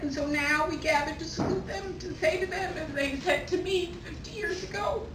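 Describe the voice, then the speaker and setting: Heartfelt older woman giving a toast. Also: extremely high pitch. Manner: heartfelt, measured, reading prepared remarks. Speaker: maid of honor giving a toast. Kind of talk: anniversary toast speech. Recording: echoey distant room, background noise.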